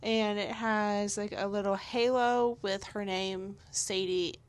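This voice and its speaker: A young woman talking on her own podcast at an unhurried, slow pace. She rambles from one thought to the next, filling gaps with ums and likes and swearing casually. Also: mid-range voice, steady tone, clean tone. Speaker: podcast host. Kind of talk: casual solo podcast chat.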